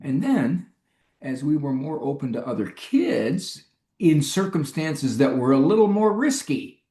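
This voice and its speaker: A middle-aged American clinical psychologist, a guest in an interview, tells humorous stories and acts out quoted voices with big pitch jumps. His mellow voice is a little slow, and the sound is roomy.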